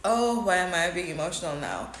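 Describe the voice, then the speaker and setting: A woman's voice: fairly low pitch, very animated, a little fast, a bit bright. Emotional South African woman in a roomy echo. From Eastern Cape, South Africa. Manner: emotional, mixes English with isiXhosa. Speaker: vlogger. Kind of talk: casual vlog commentary.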